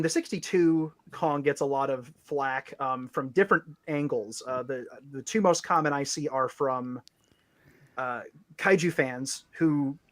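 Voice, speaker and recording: A chatty stream guest who rambles through long answers, often stopping to restart a sentence. The voice sits at a plain middle pitch. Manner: rambling, self-correcting, laughs often. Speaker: stream co-host. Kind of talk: casual live-stream chat.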